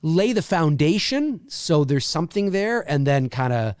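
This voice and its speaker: A man's voice: fairly high pitch, big pitch swings, unhurried, a little mellow, no room sound, clean studio sound. A middle-aged man from Canada co-hosting a live commentary show, talking in a rambling way full of restarts. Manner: rambling, restarts with "you know". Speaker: podcast co-host.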